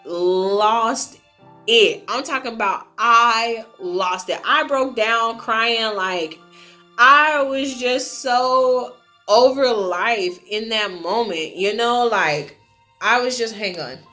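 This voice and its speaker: A young woman telling a story in a casual, emotional vlog, with lots of fillers and sudden loud exclamations. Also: fairly high pitch, takes it slowly, faint music behind. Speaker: vlogger.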